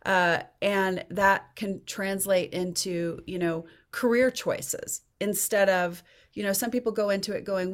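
A woman in her forties, a therapist guest on a podcast, talking thoughtfully and pausing to search for examples. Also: mid-range voice, steady tone. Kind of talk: podcast interview.

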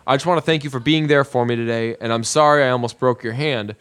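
A man's voice: medium pitch, fast, fairly bright tone, smooth, close to an everyday voice. A man voicing an earnest, slightly whiny young father in his everyday voice. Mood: sheepish. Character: earnest young man, awkward new dad.

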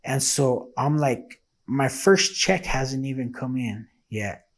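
A man's voice: mid-range voice, slow. A man telling his faith testimony in a casual, earnest and emotional way, acting out the dialogue he quotes.

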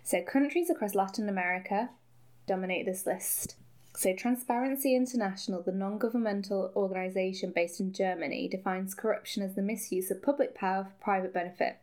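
A woman's voice: medium pitch, a little fast, a little mellow. A woman co-hosting a podcast in casual chat, giggly and playfully ironic. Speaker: podcast co-host.

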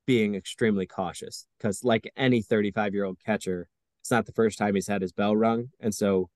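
A man's voice: on the low side, darkish tone, no room sound, clean studio sound. Wry chatty man hosting a podcast. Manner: wry, chatty, self-mocking. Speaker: podcast host. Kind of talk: casual baseball chat.

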